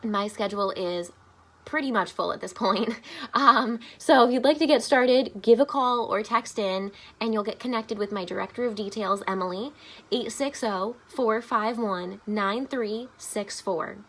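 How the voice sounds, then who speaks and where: A woman's voice: medium pitch, a little slow. A woman family therapist, speaking upbeat and informally to parents, with frequent "um" fillers. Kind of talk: informational talk to camera.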